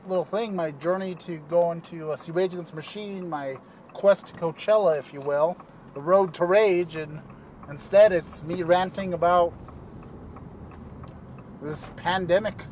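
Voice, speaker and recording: A man's voice: high-pitched, a little slow, darkish tone, slight background noise. A man, a paramedic, talking loosely to camera from his car, trailing off often with fillers. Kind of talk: casual vlog monologue. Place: inside a car while driving.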